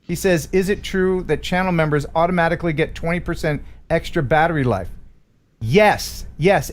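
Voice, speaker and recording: A man hosting a casual live stream, joking and reading chat messages aloud, with a Northeastern American accent. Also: fairly high pitch. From tri-state area of the US Northeast. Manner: playful, jokey, reads chat messages aloud. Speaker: host of a live photography show.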